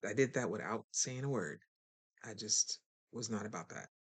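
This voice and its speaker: A lively host talking straight to listeners in a casual self-help chat. The voice sits at a middling pitch, and the delivery stays animated and conversational, with quick turns into acting out other people. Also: husky. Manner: chatty and direct, addresses listeners. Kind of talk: casual motivational talk.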